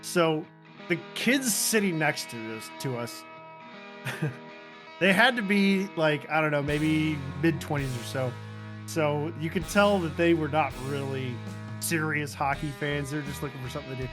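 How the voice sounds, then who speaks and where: A man's voice: a little high, unhurried, music in the background. A man hosting a casual podcast, telling stories with friends and laughing often. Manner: animated storyteller, laughs often. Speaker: podcast host. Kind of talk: casual chat among friends.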